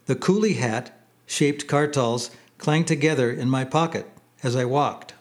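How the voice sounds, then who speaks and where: A man reading his memoir aloud in plain, unhurried storytelling. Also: mid-range voice. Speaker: narrator. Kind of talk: memoir audiobook narration.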